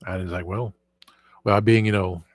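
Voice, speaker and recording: A man's voice: sits low, steady tone, moderate pace, dry recording. Rambling live-stream host, man. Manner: rambling, filler-heavy, many restarts; reads and answers viewer chat. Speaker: livestream host. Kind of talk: casual live-stream chat.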